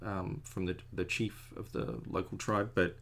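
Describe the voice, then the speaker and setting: Low-pitched and fairly monotone with vocal fry, this middle-aged man speaks a little slowly while working on a drawing. He's an artist giving chatty, rambling commentary, frequently self-deprecating.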